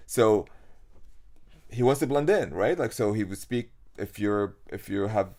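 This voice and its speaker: Young man, Iraqi-born, Arabic accent, casual chat, animated storyteller full of fillers, lowish voice. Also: unhurried. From Iraq. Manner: animated, laughs often, many fillers and restarts. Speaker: podcast guest. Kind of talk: casual conversation.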